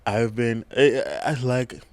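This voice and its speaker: A young man hosting his own podcast in a casual, chatty, slangy way, laughing often and swinging from hushed to loud. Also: mid-range voice, fairly even intonation, slow, clean tone, no room sound. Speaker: podcast host. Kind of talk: casual solo podcast chat. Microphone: camera on a tripod.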